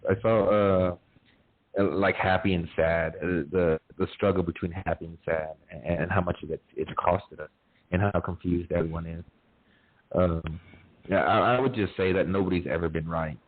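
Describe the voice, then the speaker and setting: Very deep man, earnest, stammering, dry phone-like audio. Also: steady tone, moderate pace, dry recording. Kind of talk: casual chat.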